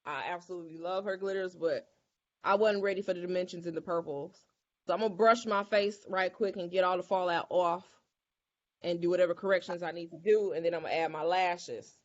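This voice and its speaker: A woman's voice: lowish voice, fairly quick. Woman hosting a makeup class, lo-fi. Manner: lively, exclaims and repeats herself. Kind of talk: casual makeup tutorial chat.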